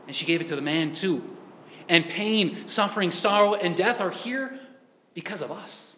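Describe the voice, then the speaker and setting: A man's voice: high-pitched, a bit bright, roomy sound, a little hiss or hum. A man giving a sermon in a church, earnest and full of rhetorical questions. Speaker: priest.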